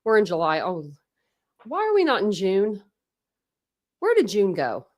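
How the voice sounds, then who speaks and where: A woman's voice: medium pitch, wildly swooping pitch, a little slow, darkish tone, dry recording, dull audio. A woman hosting a casual livestream from home, chatty and breathless, greeting viewers by name with frequent laughs. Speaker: livestream host. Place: home room with dogs.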